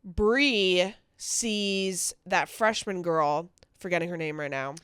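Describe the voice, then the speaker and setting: A woman's voice: on the low side, slow pace, a bit bright, clean tone, no room sound, studio quality. A woman co-hosting a podcast, chatting casually as she recaps a TV episode with quoted lines and fillers. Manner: chatty, recounts scenes with quoted dialogue and fillers. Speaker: podcast co-host.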